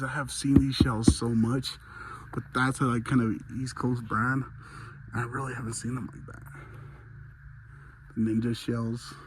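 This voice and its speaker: A man's voice: medium pitch, very noisy. A man vlogging casually as he walks through a large store, out of breath and chatting with enthusiasm. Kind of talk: casual walk-through vlog. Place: large fireworks store, indoors.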